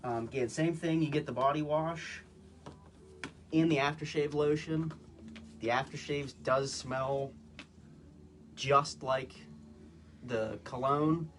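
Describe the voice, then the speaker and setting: A man casually reviewing products on a phone livestream, talking in a relaxed, hesitant way with many "um"s and "again"s. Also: mid-range voice, takes it slowly, pauses often. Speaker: guest co-presenter, husband. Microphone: phone, live stream.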